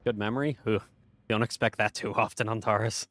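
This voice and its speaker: A man's voice: fairly low pitch, fairly even intonation, a little fast, a bit bright, no echo, clean studio sound. A man streaming a game, chatting casually and reading chat aloud in a laid-back, profane way.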